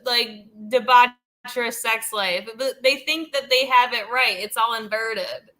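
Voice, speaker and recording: Woman host, casual rambling commentary, bright higher voice, amused asides. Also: steady tone, a little slow. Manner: rambling, heavy use of "like" and "dude"; amused, laughs between thoughts. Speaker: channel host.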